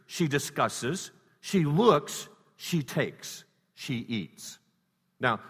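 A man preaching a sermon built around a personal story, swinging between loud emphasis and hushed lines. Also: mid-range voice, breathy edge. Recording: reverberant hall.

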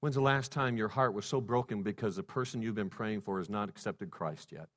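A male pastor preaching a sermon, swinging from loud exhortation to hushed softness and stacking rhetorical questions. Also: on the low side, a little fast. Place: church sanctuary. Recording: long reverb in a church hall.

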